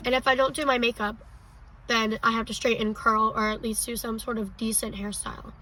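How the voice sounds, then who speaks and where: A woman's voice: a little high, level tone, fairly quick, bright, forceful tone. A teenage girl co-hosting a podcast, chatting casually and filling her talk with "like". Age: teens. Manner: chatty, many "like" fillers. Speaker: podcast co-host. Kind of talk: casual chat. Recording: distant mic with faint noise.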